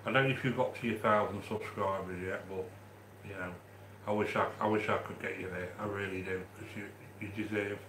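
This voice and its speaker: A man from the English Midlands with a Midlands accent, hosting a live stream and chatting warmly with viewers as he reads their comments, with frequent restarts. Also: lowish voice, fairly even intonation, brisk, hardly any pauses, reverberant, slight background noise. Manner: chatty and affectionate, with many restarts. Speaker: livestream host reading chat. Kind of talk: casual live-stream chat.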